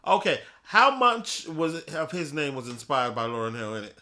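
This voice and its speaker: A man hosts a relaxed podcast chat. His voice is very bright and swings widely in pitch. He teases his guest and banters in slang. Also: moderate pace. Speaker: podcast host. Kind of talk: casual chat.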